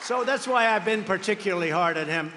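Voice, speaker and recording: An older American man giving a rambling, boastful campaign rally speech, breaking into sudden shouts. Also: high voice, a little fast, crowd noise, noisy background. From United States. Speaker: political candidate. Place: large rally venue. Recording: reverberant hall with a long echo.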